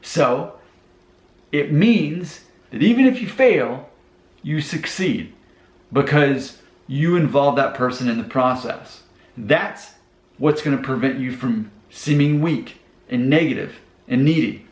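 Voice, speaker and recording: A man's voice: mid-range voice, animated, slow pace. A man hosting his own channel, earnestly talking through practical advice to the camera in a casual way. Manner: earnest, repeats steps, restarts. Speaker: channel host giving advice. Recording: roomy echo.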